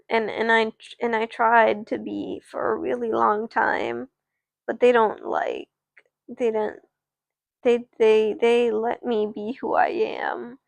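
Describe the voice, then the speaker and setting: A woman voicing a gentle, sad big sister who comforts her younger sibling in a doll-play story. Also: on the high side, vocal fry, no echo, full character voice. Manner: soft and comforting.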